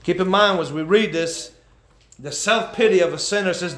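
Male pastor, high voice, fervent preaching that rises and drops, echoey church room. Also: normal speed. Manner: impassioned preaching that swings between loud and hushed. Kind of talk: sermon.

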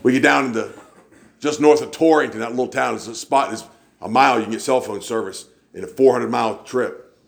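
This church sermon comes from a man whose mid-range voice is gravelly and brisk. A folksy storyteller, he dramatizes each quoted person's voice.

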